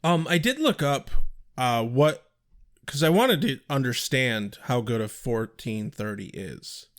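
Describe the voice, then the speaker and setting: A man's voice: medium pitch, animated, unhurried. A man co-hosting a podcast in casual chat, explaining at length and swearing freely. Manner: profane, chatty, explains at length. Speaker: podcast co-host.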